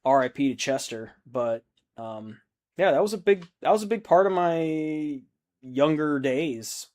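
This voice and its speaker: A man's voice: fairly high pitch, expressive, a little slow, a little mellow. Laid-back swearing man streaming. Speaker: streamer hosting a hobby painting stream. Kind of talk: casual chat reading viewer comments.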